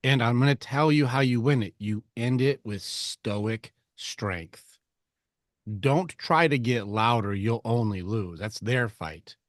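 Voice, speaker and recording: A man's voice: mid-range voice, expressive, slow, no echo. Man, coaching talk, blunt, swears, acts out arguments, dry close sound. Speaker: relationship coach. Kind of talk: coaching conversation.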